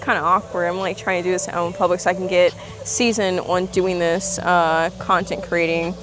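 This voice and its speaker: A woman's voice: fairly low pitch, little pitch movement, normal speed. A woman casually vlogging outdoors on her phone, laughing often and gushing over animals, out of breath from walking. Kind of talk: casual vlog chat. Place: outdoors near a lake. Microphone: phone held while walking.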